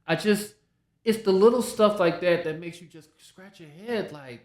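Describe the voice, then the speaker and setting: A man's voice: high voice, moderate pace, darkish tone, reverberant. A man hosting a solo sports podcast, talking casually, often repeating himself and restarting his sentences. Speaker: podcast host.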